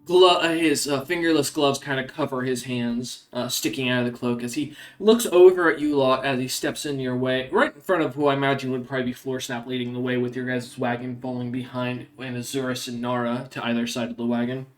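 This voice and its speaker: A man narrating a tabletop game as game master, halting, with many ums and uhs. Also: mid-range voice, steady tone.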